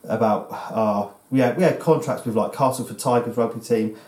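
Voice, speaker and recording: English man, thirties, sweary rambling podcast host, echoey room, average pitch. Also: moderate pace, a little mellow. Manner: swearing, rambling storyteller with restarts. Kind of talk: casual podcast chat.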